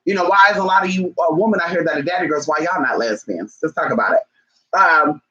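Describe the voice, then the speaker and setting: A man with a high, bright voice talking casually to his camera. His manner is sassy and chatty, and he calls his listeners honey. He turns aside now and then to fuss at his pets. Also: a little fast, dull audio. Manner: breaks off to scold and coax his pets. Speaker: vlogger.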